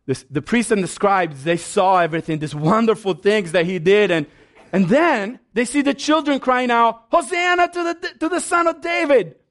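High-voiced passionate male preacher. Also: expressive, normal speed. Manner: passionate, swings from soft asides to loud high exclamations. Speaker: pastor. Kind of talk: sermon.

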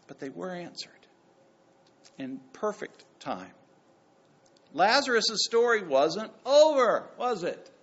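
A man preaching a sermon with a high, gravelly voice that leaps and dips in pitch. He drops to near-hushed asides, then bursts out loud as he acts out the stories. The recording sounds dull and lo-fi. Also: takes it slowly, long pauses. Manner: animated, swings between hushed and loud, acts out quotes. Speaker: pastor.

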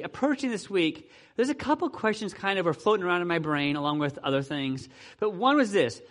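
Man, pastor, casual sermon, rhetorical questions, informal fillers, somewhat high voice. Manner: asks the audience frequent rhetorical questions; informal, with fillers like "right" and "you know". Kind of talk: conversational sermon.

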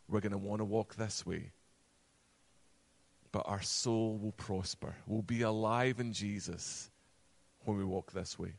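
A man preaching a sermon, animated, acting out quoted voices, and dropping to a soft, low voice for emphasis. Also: gravelly. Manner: acts out quoted voices and asides.

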